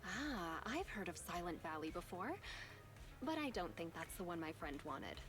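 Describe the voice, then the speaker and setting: A woman's voice: lowish voice, big pitch swings, normal speed. A woman voicing a generous, polite young woman customer in a video game, gracious in her thanks. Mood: grateful. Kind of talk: game voice acting.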